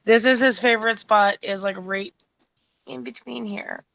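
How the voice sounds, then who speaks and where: A woman's voice: on the high side, steady tone, moderate pace, gravelly, a bit bright, a little hiss or hum, rough recording. A woman in her thirties from Canada, chatting casually on a stream, full of "like" and cooing at her dog. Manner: chatty, heavy "like" filler, coos at dog. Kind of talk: casual chat.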